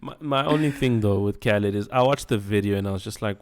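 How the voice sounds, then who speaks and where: Chill guy cohosting a podcast, kinda low voice, easygoing chatter. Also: fast. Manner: laid-back, laughs often, trails off. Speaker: podcast co-host. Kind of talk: casual chat.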